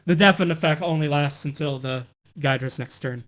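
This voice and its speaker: A young man running a tabletop game as game master, unhurried and halting, with many fillers. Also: on the high side, a bit bright.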